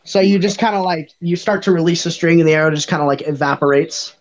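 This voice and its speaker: Blunt, teasing young dungeon master. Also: male voice, a little high, quick pace. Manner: blunt, teasing, swears casually. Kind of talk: casual tabletop game narration. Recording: muffled lo-fi recording.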